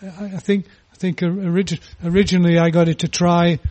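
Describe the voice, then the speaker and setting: A male co-host speaks with enthusiasm, often repeating words as he restarts a sentence. His voice sits a little high for a man. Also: level tone, fast, a little mellow, no room sound. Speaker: radio co-host. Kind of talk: casual interview chat.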